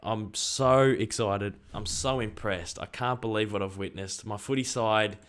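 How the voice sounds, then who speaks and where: A young Australian man chatting excitedly on a live stream and reading out viewer messages. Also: fairly low pitch, measured pace. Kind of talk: casual live stream chat.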